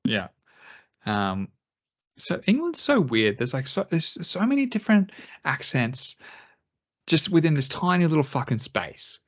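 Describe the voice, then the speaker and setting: A man's voice: on the high side, huge pitch swings, a little slow, pauses often, lo-fi sound. An Australian man co-hosting a casual sports podcast, swearing freely, joking and reading listener comments aloud. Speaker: podcast co-host.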